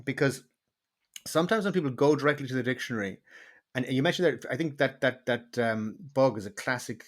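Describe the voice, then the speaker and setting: A man's voice: mid-range voice, fairly quick. A man hosting an interview, rambling and repeating words as he searches for phrasing. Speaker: podcast host. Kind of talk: conversational interview.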